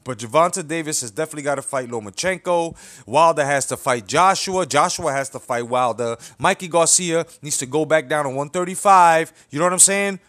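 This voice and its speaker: In a profane opinion video, a young boxing commentator vents hotly and bluntly, tossing in "you know what I'm saying" again and again. He speaks fairly quickly with few pauses, in a fairly high, slightly bright voice.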